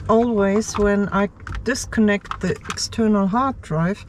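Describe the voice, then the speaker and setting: A woman's voice: medium pitch, slow, a little hiss or hum. A woman vlogger in her car's driver's seat, thinking aloud as she works. She mutters to herself, hesitates and repeats words. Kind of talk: thinking aloud while working on a computer.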